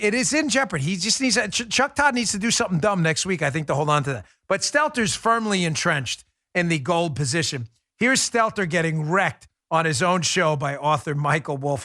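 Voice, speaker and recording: A brash New man hosting an opinionated show with a high, bright voice. He talks fast and jokes and laughs a lot. The sound is dry and close. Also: lively intonation, no room sound. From New York. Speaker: podcast host. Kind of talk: opinionated commentary.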